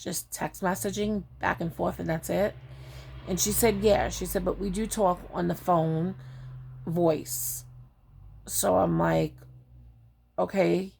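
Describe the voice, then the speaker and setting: Blunt chatty woman with a gravelly voice. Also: on the low side, a little mellow. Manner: blunt, chatty, acts out quoted dialogue; frequent fillers like "like" and "um". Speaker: storyteller. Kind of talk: casual personal storytelling.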